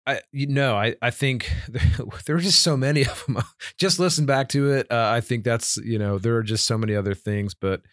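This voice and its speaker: A man's voice: medium pitch, a little fast, dry recording, studio quality. A man co-hosting a podcast for pastors who chats loosely and then closes with an earnest spoken blessing. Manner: warm pastoral benediction, earnest. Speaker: podcast co-host. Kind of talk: casual chat and closing blessing.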